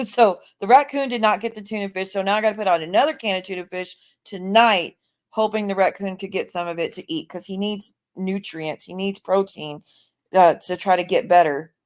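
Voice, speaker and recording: A woman's voice: mid-range voice, a little fast. Woman host, tired, heated and profane, repeats her points. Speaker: livestream host. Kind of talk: angry livestream rant.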